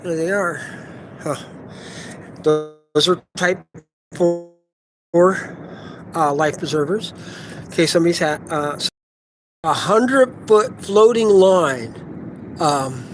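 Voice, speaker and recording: Older male boat captain, loose chatty livestream delivery with plenty of fillers, noisy background. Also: a little high. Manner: rambling, chatty, many fillers. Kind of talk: casual live-stream chat. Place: on a yacht.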